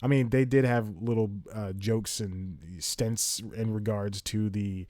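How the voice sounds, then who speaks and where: A man's voice: on the low side, steady tone, a little slow, dark tone, no room sound. A man hosting a casual solo podcast from home, rambling, restarting his sentences and laughing often. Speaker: podcast host.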